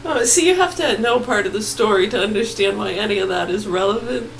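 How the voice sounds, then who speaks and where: A woman's voice: medium pitch, moderate pace, gravelly, long pauses, a little hiss or hum. A woman on a swearing, angry rant, laughing between outbursts.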